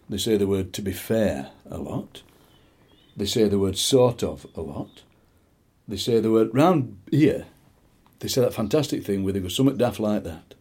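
Husky Yorkshire poet in his sixties. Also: lowish voice, mellow. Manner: anecdotal, rambling, chuckling asides. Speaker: poet and radio presenter. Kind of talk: poetry reading and chat.

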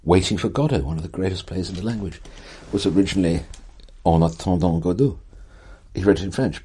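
An older man with an exceptionally deep, husky voice, speaking as an interview guest. He talks in eloquent, wry, theatrical sentences, reaching for vivid phrasing. His pacing leans on rhythm and emphasis. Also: a little fast, mellow. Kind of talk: animated conversational storytelling.

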